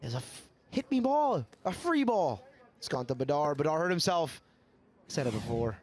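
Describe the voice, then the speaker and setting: A man giving live cricket commentary, chatty and getting excited on big shots. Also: on the high side, normal speed.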